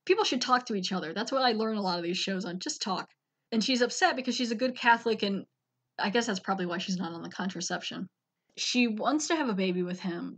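A woman's voice: mid-range voice, fairly bright tone. A woman hosting a podcast, chattily recapping an episode and acting out the characters' lines. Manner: chatty, acts out quotes. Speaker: podcast host.

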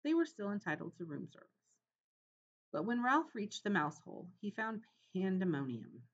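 A woman narrating a children's storybook in an expressive reading voice. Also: mid-range voice, moderate pace. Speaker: audiobook reader. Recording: slightly muffled, faint hiss.

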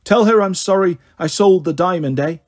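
A tender, rambling old man in his seventies, as a male narrator puts him on, speaking dreamily. His voice is slightly husky and sits a little high. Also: moderate pace. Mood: wistful. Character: gentle elderly man, great-grandfather in his seventies.

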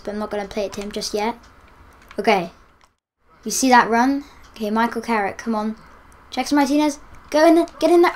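A woman with a fairly high voice talks through a football video game match as she plays it. She is excitable, cheering on her players and groaning at their misses, in casual live commentary. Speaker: gaming YouTuber.

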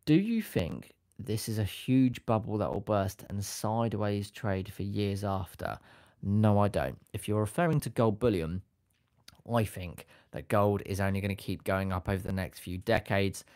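A man's voice: on the low side, moderate pace, a little mellow. A man hosting a casual live stream, reading out chat comments in a goofy, chatty way and laughing at himself. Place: home setup with a sticker backdrop.

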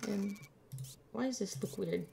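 A woman streaming a game, talking half to herself in a slow, unhurried way as she checks things over. Her voice has a gravelly, fry-edged texture, and keyboard typing clicks sit faintly behind her. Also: medium pitch, mellow, a little hiss or hum. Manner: muttering to herself while checking documents, playful. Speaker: gameplay streamer. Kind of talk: casual let's-play commentary.

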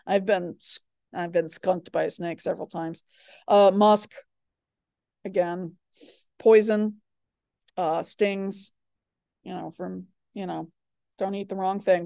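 A woman's voice: fairly low pitch, fairly even intonation, slow pace, vocal fry, pauses often, warm tone, no echo, studio quality. Rambling, chatty woman biology lecturer. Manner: rambling, digressive, many fillers; chatty, tells personal anecdotes. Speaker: biology instructor. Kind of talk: recorded lecture.

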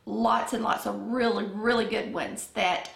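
Middle-aged Southern woman, relaxed Bible-study teacher, gravelly tone, echoey room sound. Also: medium pitch. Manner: conversational, unhurried, frequent ums. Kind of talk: casual Bible lesson.

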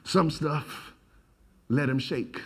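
A male pastor preaching a sermon, building from low talk to shouted lines and laughing as he goes. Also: drawn-out words, slightly rough.

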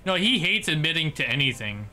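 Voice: mid-range voice, sing-song, a little fast, sharp tone. A streamer giving rambling casual commentary while playing a language game. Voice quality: rambling, repetitive, self-bargaining.

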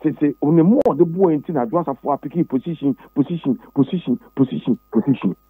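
A Ghanaian man with a husky voice talks politics with a preacher's insistence. He repeats himself and his voice jumps sharply higher on key points. The sound is dry and narrow, like a phone line. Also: quick pace, no room sound. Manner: emphatic and preachy, with sudden high pitch leaps and repeated words. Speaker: interview guest, pastor and former presidential candidate. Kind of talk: political interview, Twi mixed with English.

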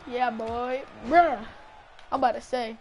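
A woman playing a wrestling video game with a friend, teasing and trash-talking, repeating taunts and bursting into yells. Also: on the high side, fairly even intonation, measured pace, a faint crowd, rough recording. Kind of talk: casual gaming commentary.

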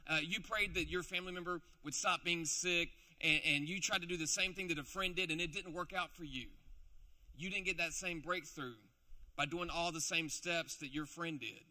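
Youth pastor guy, high-ish super bright voice, telling the story all animated. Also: normal speed. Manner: playful storytelling, acts out the characters' lines. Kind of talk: sermon.

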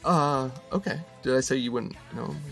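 A man's voice: mid-range voice, normal speed, vocal fry, soft background music. A man in his thirties co-hosting a podcast, running through a list in casual chat, chuckling and trailing off between items. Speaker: podcast co-host.

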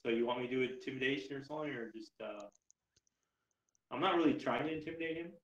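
A man's voice: mid-range voice, fast talker, a bit bright, lo-fi sound. A man playing a tabletop game, talking hesitantly and putting himself down. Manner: hesitant, self-deprecating. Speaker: player. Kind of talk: casual tabletop play. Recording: roomy echo.

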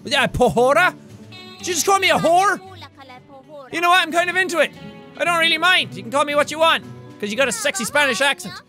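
Young male gamer, high bright voice, rowdy and sweary, quick swings from shouting to muttering. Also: faint music behind. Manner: excitable, loud, swears a lot, jumps between shouts and mutters. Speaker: gaming YouTuber. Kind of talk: let's play commentary.

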